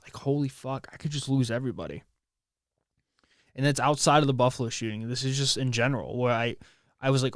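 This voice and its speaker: A man from the United States hosts a solo podcast from his home, in a casual monologue that keeps stopping and restarting as he works through heavy feelings. He swears freely. His pitch sits in the middle of the range, and the sound is dry and close, with almost no room echo. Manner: halting, emotional, swears often, many restarts. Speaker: podcast host. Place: at home, near his bed.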